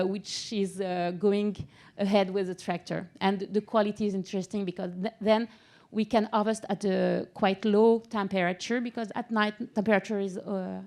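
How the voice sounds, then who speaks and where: French lady agronomist on a panel, halting english, lots of uh. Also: medium pitch, a little mellow. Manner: halting, searching for English words. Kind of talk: panel talk.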